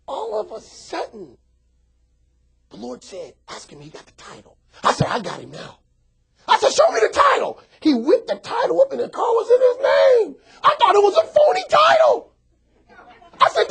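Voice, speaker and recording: High, wildly swooping shouting preacher man. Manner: animated preaching, often bursts into shouts and calls out to the congregation. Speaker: pastor. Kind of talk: sermon.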